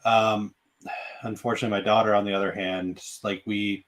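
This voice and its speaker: A man's voice: on the low side, flat delivery, brisk. A middle-aged man on a podcast, chatting casually with blunt, wry remarks. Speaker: podcast co-host. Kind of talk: casual chat.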